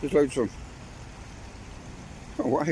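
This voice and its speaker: A man's voice: medium pitch, a little slow, mellow, slight background noise. A middle-aged man giving a casual walking tour outdoors, talking to his viewers with chatty, wry asides. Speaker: travel vlogger. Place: outdoors, walking through town streets and a park.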